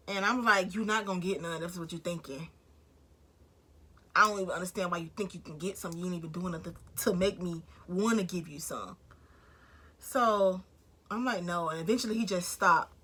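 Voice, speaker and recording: A woman's voice: mid-range voice, a little fast, sharp tone. A woman vlogger telling a story in a casual, slangy, profane way, acting out both sides of the conversation.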